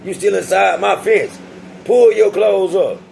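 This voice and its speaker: A man's voice: high voice, measured pace, vocal fry, darkish tone, a little hiss or hum, pitched above the performer's own voice, exaggerated voice, poor audio. A man putting on the voice of a smug adult male prison guard who mocks and repeats his threats. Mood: commanding.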